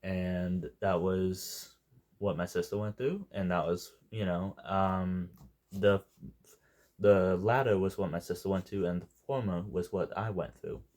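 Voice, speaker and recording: A man's voice: low-pitched, fairly even intonation, unhurried, a little mellow. A young man giving a casual, unscripted movie review, rambling and jokey and wandering off on tangents.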